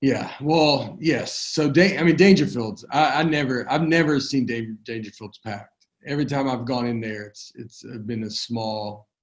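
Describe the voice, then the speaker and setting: A man's voice: mid-range voice, moderate pace, hardly any pauses. A man guesting on a podcast, chatting in an easygoing, rambling way full of restarts. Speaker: comedian guest. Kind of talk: casual chat.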